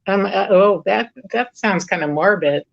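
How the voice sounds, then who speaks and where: A woman's voice: medium pitch, measured pace, vocal fry. A woman in her sixties calling in for advice, talking in a hesitant way. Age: 60s. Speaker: caller asking for advice. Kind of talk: casual chat. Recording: dull lo-fi sound.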